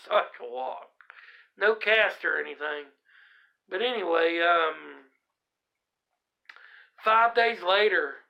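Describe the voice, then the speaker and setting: A man's voice: high-pitched, gravelly. A man vlogging, telling a personal story in a rambling, laid-back way with many fillers. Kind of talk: casual storytelling to camera. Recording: dull lo-fi recording.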